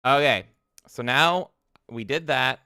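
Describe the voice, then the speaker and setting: A man's voice: medium pitch, slow, pushed and bright, clean tone. A man streaming a video game, giving rambling, casual commentary with frequent swearing and jokes. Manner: rambling, swears freely, jokey.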